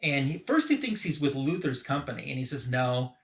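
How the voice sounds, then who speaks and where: A man's voice: mid-range voice, big pitch swings, brisk, creaky, echoey room. A man hosting a live show, casually retelling a comic story in a rambling way full of fillers. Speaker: podcast host.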